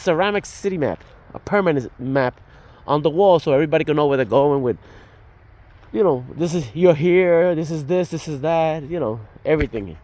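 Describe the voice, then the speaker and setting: Older man, casual spoken testimony, slightly high-pitched, rambling, restarts, acts out dialogue. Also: fairly quick, darkish tone. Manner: reenacts dialogue as he tells it. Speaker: storyteller.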